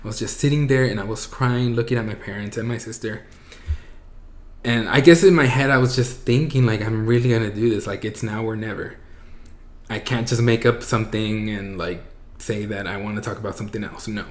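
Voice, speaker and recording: A man's voice: on the low side, a little fast. A man in his twenties telling a personal story to his viewers, casual and emotional, with lots of "like"s and some Spanish phrases. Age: 20s. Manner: emotional, voice breaking near tears at times. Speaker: vlogger. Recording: echoey room.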